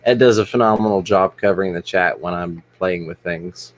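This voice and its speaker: Deep-voiced easygoing man. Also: moderate pace, slight background noise, poor audio. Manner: self-deprecating, easygoing. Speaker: livestream host. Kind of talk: casual livestream chat.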